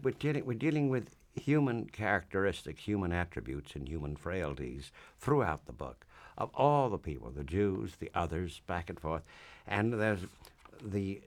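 A man interviewing an author on the radio, earnest and halting, often stumbling over his words. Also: fairly low pitch.

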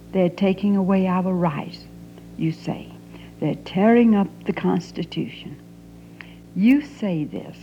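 An impassioned Southern daughter, played by a woman, pleads with her father in a slow, deliberate monologue, often dropping to a hushed whisper. Her voice sits at an ordinary middle pitch. It comes through a slightly muffled old broadcast recording with a faint hum underneath. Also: vocal fry. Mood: accusing. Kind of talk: dramatic monologue reading.

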